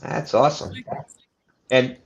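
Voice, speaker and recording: A man hosting a live fishing stream, casually chatting and reading viewer comments aloud. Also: slow pace. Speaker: livestream host. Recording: dull lo-fi stream audio with noise.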